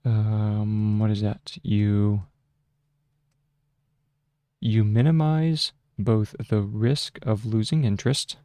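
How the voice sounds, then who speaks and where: A man talks through a screen-share tutorial at a leisurely, halting pace, full of fillers and restarts as he thinks aloud. His voice sits somewhat low. The close desk microphone gives a dry sound with no room echo. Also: fairly even intonation, dark tone, smooth. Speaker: shorthand tutorial host. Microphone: close desk microphone with a mute button.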